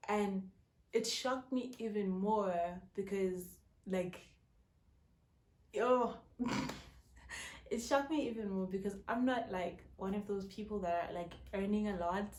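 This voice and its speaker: Excitable South African woman, roomy echo. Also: mid-range voice, takes it slowly, pauses often, a little hiss or hum. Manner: excitable, many fillers like "yo, guys". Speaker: vlogger. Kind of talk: casual storytelling vlog. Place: at home.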